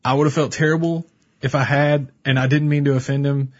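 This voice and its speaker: A husky-voiced man chats casually as a podcast co-host, spinning out an anecdote with animated storytelling. His pitch sits in the middle range. The recording sounds dull and lo-fi. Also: brisk. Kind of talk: casual chat.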